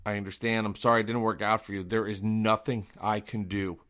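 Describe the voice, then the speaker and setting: A man hosting his own podcast, telling a story in a casual, worked-up rant full of rhetorical questions, swinging between loud outbursts and quiet asides. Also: lowish voice, flat delivery, brisk. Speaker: podcast host and delivery driver.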